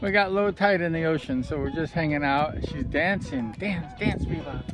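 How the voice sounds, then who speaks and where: Standing by the ocean at low tide with his dog, a man who used to race motorcycles tells stories for his casual vlog. His voice is fairly high and his pace moderate, and he comes across as chatty, amused, and self-deprecating, with music running underneath.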